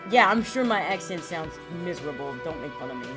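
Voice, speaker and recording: A woman's voice: low voice, animated, fast, over music. A woman streamer chatting casually and profanely with her viewers while gaming, rambling and laughing.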